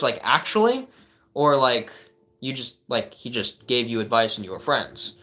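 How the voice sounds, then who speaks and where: A man's voice: medium pitch, very animated, normal speed, pushed and bright. A man working as a life coach, talking casually and earnestly on a live advice stream as he answers chat questions, often saying "like" and restarting his sentences.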